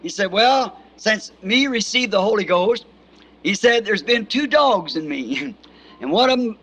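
A man's voice: sits high, lively intonation, a little slow, a bit bright, low-quality recording. A middle-aged male preacher telling folksy stories in a sermon, chuckling often as he goes. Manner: homespun storyteller, chuckles often.

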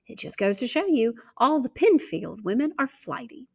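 A woman's voice: fairly high pitch, sing-song, moderate pace, creaky, slightly rough, pitched above the performer's own voice, heavily acted. A woman reading a prim, disapproving aunt. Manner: sharp and reproving. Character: prim, disapproving Southern aunt, middle-aged.

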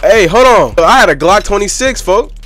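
An excitable young man talks through his gameplay in a slightly raised voice, full of street slang as he banters with other players. Faint music plays underneath. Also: high voice, normal speed. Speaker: gaming YouTuber. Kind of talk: gameplay commentary and voice chat.

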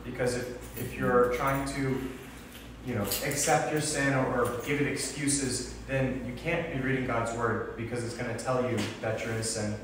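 A man's voice: medium pitch, steady tone, normal speed. A man in a church class giving an earnest, explanatory comment during the discussion. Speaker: class member. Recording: echoey room, distant mic, hiss.

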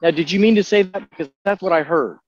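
A pastor guiding a group discussion, speaking in a halting, careful way full of little stammers. His voice is slightly high for a man, and the audio is dry and somewhat muffled. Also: no room sound. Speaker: pastor hosting a Bible study.

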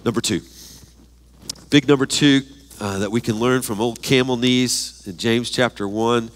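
An older man delivers a sermon from the pulpit, at a middle pitch. His preaching is lively and expressive, full of rhetorical questions and scripture read aloud. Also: normal speed. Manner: reads scripture verses aloud. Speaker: pastor.

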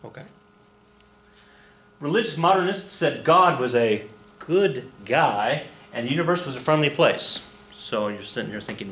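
A man's voice: mid-range voice, a little fast, roomy sound. A man teaching a recorded history lesson, joking and acting out little voices as he explains. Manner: animated, jokey, acts out voices and counts dance steps. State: out of breath. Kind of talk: recorded classroom lecture.

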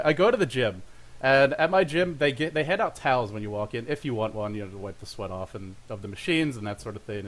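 A man's voice: mid-range voice, a bit bright. A young man hosting his own show in a casual monologue, rambling and self-deprecating, with frequent fillers and laughs. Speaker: show host.

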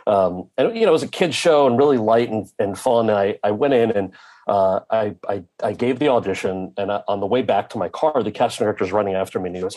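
Husky-voiced man telling lively stories. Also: fairly low pitch, quick pace. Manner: animated, acts out quoted people in his anecdotes. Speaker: podcast guest, actor. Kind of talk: conversational storytelling.

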